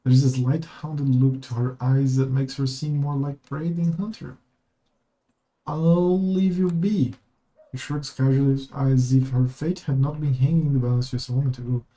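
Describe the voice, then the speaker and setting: A man's voice: mid-range voice, fairly even intonation, a little fast, few pauses, mellow, low-quality recording. A young man streaming a game, reading the dialogue and narration aloud in his own voice and dropping casual, swearing asides.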